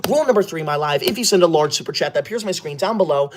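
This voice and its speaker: A man's voice: on the high side, animated, very fast. A man playing a bossy, touchy schoolboy livestreamer who is obsessed with rules, in a comedic livestream parody, talking in a scolding, indignant way.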